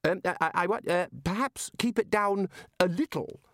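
A man's voice: high-pitched, normal speed, a bit bright, no room sound, clean studio sound, voice pushed up. A man voicing a nervous, querulous male university bursar who stammers and apologizes. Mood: timid.

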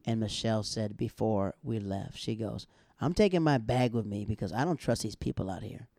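Animated man telling a story, dark voice. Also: on the low side, normal speed, gravelly, no room sound, studio quality. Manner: animated storyteller, acts out other people's lines; laughs often while talking. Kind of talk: casual chat.

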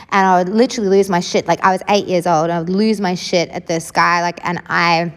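A woman's voice: lowish voice, fairly even intonation, brisk, few pauses, long reverb tail. A woman telling her own life story in a frank, casual way, swearing freely and often saying "like". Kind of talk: candid personal storytelling.

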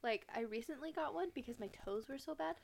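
Young female co-host, a bit higher voice, reactive and easily amused. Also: quick pace, vocal fry, a little mellow. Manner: reactive, laughs often, swears casually. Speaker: podcast co-host. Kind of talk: casual chat.

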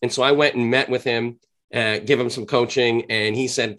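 Earnest man explaining with slow emphasis. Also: mid-range voice, steady tone, fairly bright tone, slight background noise. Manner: earnest, explanatory, drawn-out emphasis on key points. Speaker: podcast guest, sales trainer. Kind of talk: conversational interview answer.

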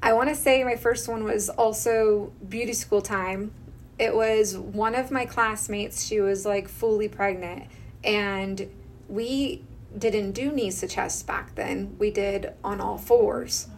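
A woman's voice: medium pitch, slow pace, a little hiss or hum. A woman esthetician in her thirties hosting a casual chat, telling stories with lots of giggling. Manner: giggly, animated storyteller.

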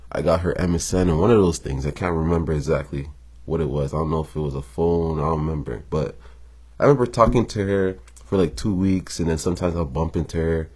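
A man's voice: rumbling low, fast, a little mellow, slightly rough. A young man telling a personal story in a casual, slangy monologue, swearing freely and chuckling between lines.

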